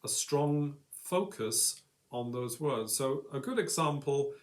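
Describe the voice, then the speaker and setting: A man's voice: mid-range voice, animated, takes it slowly. A man co-hosting an English lesson in an ordinary mid-range voice. He explains each grammar point patiently. When he gives the sample commands, he leans on them with authority. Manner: acts out example commands with strong emphasis. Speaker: English teacher.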